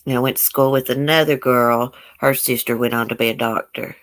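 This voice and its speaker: Brisk and fairly even in intonation, a woman with an extremely low voice and a Southern US country accent hosts a casual YouTube livestream. She reads viewer comments and answers them in a blunt, outspoken manner, swearing freely and drawling her folksy country phrases.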